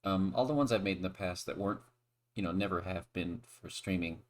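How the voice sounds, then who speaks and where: A man chatting casually while a game is played, rambling with restarts and sudden excited bursts. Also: sits low, fairly quick. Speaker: stream co-commentator. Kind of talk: casual gaming chat.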